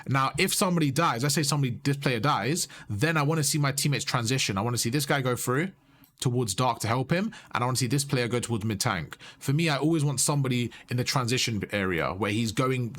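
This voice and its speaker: A man's voice: mid-range voice, fairly bright tone. A man coaching a player over their gameplay footage, explaining positions and repeating his key points. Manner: instructive, repeats key points, asks "you see?".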